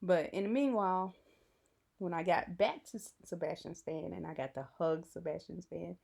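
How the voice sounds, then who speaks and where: A young woman with a drawl tells her story straight to camera, bubbly and giggly, acting out each quoted line. Her voice sits low and mellow with a gravelly rasp. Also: normal speed. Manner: animated, giggly fangirl retelling with acted quotes. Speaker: vlogger.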